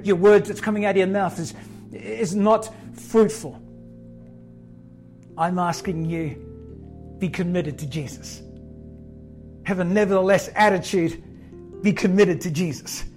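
A man's voice: high-pitched, a little mellow. A man preaching a sermon in an earnest, urging way, repeating key phrases for emphasis.

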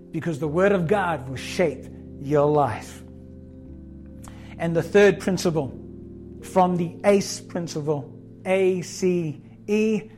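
A man with a high voice preaches a sermon. He urges his listeners earnestly and leans on repeated phrases for emphasis. Faint music plays behind him. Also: darkish tone.

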